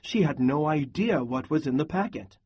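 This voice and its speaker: A man reading a novel aloud in a steady, even voice for a class lesson. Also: fairly high pitch, normal speed, breathy edge. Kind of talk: read-aloud lesson narration.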